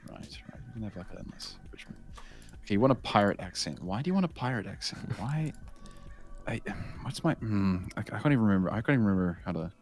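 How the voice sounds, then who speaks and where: This is a man calling a game tournament live, excitable and quick to laugh. His pitch swings widely from line to line as he reacts and chats with viewers. Faint music plays beneath him. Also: creaky. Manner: excitable, laughing, reads chat aloud. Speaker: esports caster. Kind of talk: casual live game commentary.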